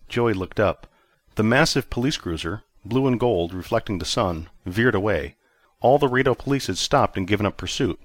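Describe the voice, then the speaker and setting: A man reading a story as narrator, with clear, expressive storytelling. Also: lowish voice, moderate pace, no room sound. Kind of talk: scripted narration.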